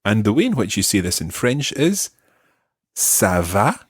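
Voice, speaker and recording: A man hosting an audio language lesson, explaining patiently and modeling words slowly for listeners to repeat. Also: fairly low pitch, big pitch swings, slightly rough, no room sound. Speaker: language teacher and host.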